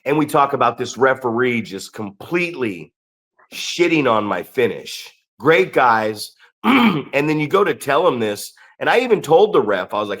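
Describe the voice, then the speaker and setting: A man's voice: medium pitch, sing-song, normal speed, fairly bright tone. Rambling, profane man wrestler. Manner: rambling, profane, with frequent restarts. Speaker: podcast co-host, pro wrestler. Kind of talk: casual chat.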